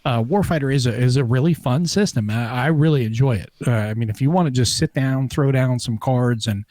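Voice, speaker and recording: A man's voice: medium pitch, a little fast, a little mellow, dry recording. A man from New Jersey hosting a casual chat over beers, rambling and hedging as he reads viewer comments aloud. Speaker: host.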